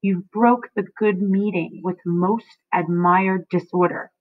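A woman teacher reading aloud as Lady Macbeth, a frustrated and commanding queen, in a slow, firm voice. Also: fairly low pitch, steady tone. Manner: reads slowly and firmly. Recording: dry, tinny phone-like sound.

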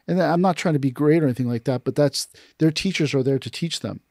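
A man's voice: a little high, quick pace, vocal fry, no room sound, studio quality. A man who teaches aikido, telling stories in a casual podcast conversation and acting out the people he quotes. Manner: storytelling, animated when quoting others.

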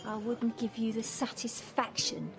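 A woman's voice: a little high, unhurried, soft background music, natural voice. An actress playing a drunk, mocking woman. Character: drunk bitter woman making a scene. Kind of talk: TV soap drama acting.

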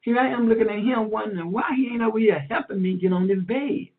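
A woman evangelist teaching a sermon in an earnest, repetitive way, warmly calling her listener "dear heart". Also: mid-range voice, fast. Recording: tinny phone line.

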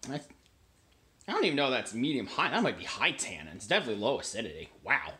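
A man's voice: mid-range voice, big pitch swings, fast talker, sharp tone. A man hosting a casual home video, tasting wine and chatting to his dogs between remarks. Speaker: amateur wine vlogger.

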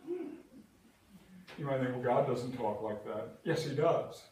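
A man's voice: mid-range voice, wildly swooping pitch, slow, a little mellow. An older man preaching a sermon as pastor, telling a personal story earnestly and building to emphatic, repeated declarations. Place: church sanctuary. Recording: echoey church hall from far off.

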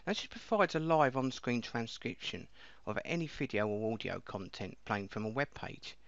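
A man casually walking viewers through a piece of software step by step, in a chatty explaining way. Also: mid-range voice, lively intonation, normal speed, gravelly, no echo. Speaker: software reviewer. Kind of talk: casual screen-recording walkthrough. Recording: dull lo-fi dry mic.

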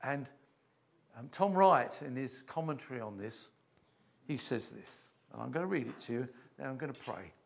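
An older man giving a sermon in a church, emotional and halting, often repeating himself as he restarts sentences. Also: mid-range voice, animated, gravelly. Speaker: preacher.

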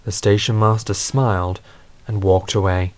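A man narrating a scripted storybook in a steady, earnest way. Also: lowish voice, moderate pace, very noisy.

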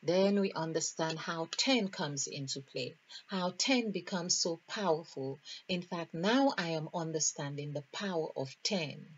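A woman teaching a spiritual numerology lesson, thinking aloud in a deliberate, musing way as she counts out numbers. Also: low-pitched, breathy edge. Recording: dull lo-fi recording.

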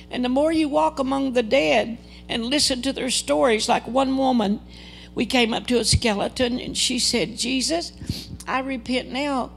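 An older woman, a guest preacher, gives an earnest, dramatic testimony sermon at a church service, acting out quoted dialogue as she tells her story. Her voice is high with some vocal fry.

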